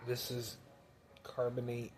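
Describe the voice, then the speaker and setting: A man speaking slowly in a mid-pitched voice, rambling and halting as he reviews snacks. Loud bursts break up quieter mumbling. Music plays clearly behind him. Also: completely flat delivery. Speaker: food reviewer. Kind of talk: casual home review vlog.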